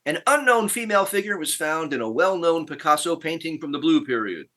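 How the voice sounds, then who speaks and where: A man's voice: a little high, animated, brisk, fairly bright tone. A man co-hosting a podcast in casual chat, teasing his co-host and laughing often.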